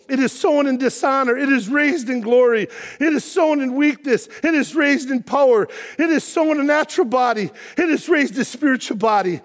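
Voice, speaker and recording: A middle-aged man preaches from the pulpit in a very high, bright register. His delivery swells from steady reading to forceful, shouted declarations. The sound carries a long reverb from a large sanctuary. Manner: emphatic preaching, shouting at peaks, quiet when telling personal story. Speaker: pastor. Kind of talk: sermon.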